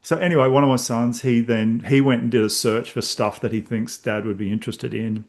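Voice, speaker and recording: A man's voice: medium pitch, fairly even intonation, a little fast, darkish tone. A middle-aged man, a podcast host telling stories in casual conversation and acting out his own reactions.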